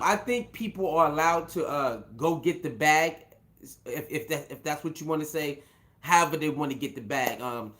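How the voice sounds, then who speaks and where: A man's voice: a little high, a bit bright, slight background noise. A man hosting his own show, giving rambling casual commentary full of fillers, repeated words and restarts, and chuckling now and then. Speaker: show host.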